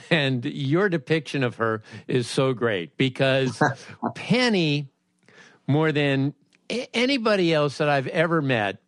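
A man's voice: fairly high pitch, expressive, takes it slowly, fairly bright tone, no echo, studio quality. A man hosting a casual interview who laughs often and does impressions of people he knows. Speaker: podcast host.

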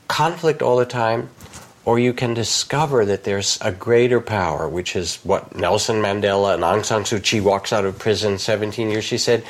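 An older man, a meditation teacher, speaking softly and unhurriedly in a guided reflection, lifting his voice warmly on key phrases. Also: lowish voice. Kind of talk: gentle guided reflection in conversation.

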